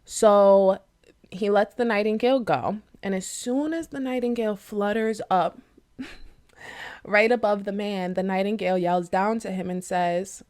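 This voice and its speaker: A woman's voice: mid-range voice, steady tone, a little slow, a little mellow. A woman chatting casually as she retells a fable and reads oracle cards, rambling with many fillers and tag questions. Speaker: tarot and oracle card reader. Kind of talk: casual storytelling and card reading.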